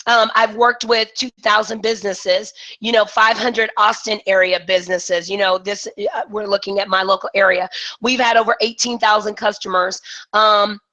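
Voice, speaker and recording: A woman business coach leading a live online coaching session, talking with emphasis and excitement. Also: mid-range voice, muffled recording.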